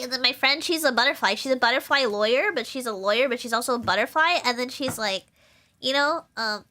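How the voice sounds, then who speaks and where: A young woman VTuber chatting on a live stream, rambling without pausing and laughing often. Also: high-pitched, bright, forceful tone. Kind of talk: casual live-stream chat.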